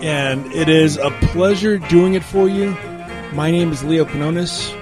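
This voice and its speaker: Excitable man hosting a movie talk show. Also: a little high, unhurried, music in the background. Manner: enthusiastic, chatty, laughs easily. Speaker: radio show host and film reviewer. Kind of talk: casual radio talk.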